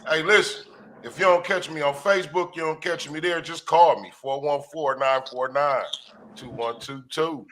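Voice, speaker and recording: A man's voice: fairly high pitch, moderate pace, fairly bright tone, a little hiss or hum. A man co-hosting a casual livestream talk show, talking in a rhythmic, preacher-like hype style. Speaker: co-host.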